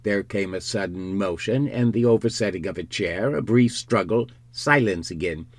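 A man narrating a classic novel in a measured, unhurried storytelling manner. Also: on the low side, no room sound. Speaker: audiobook narrator.

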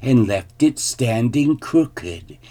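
A prim mother bear speaks in measured, fussy lines from a storybook, voiced by a man reading aloud. The delivery is slow and a touch lifted. It is a gentle bedtime tale. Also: medium pitch, expressive, pitched above the performer's own voice.

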